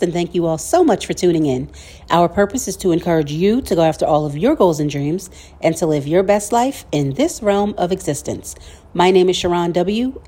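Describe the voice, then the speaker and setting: A woman's voice: lowish voice, warm tone, slightly rough. A woman hosting her own podcast, talking alone in a conversational way with wry, sarcastic asides. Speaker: podcast host. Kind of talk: solo podcast monologue.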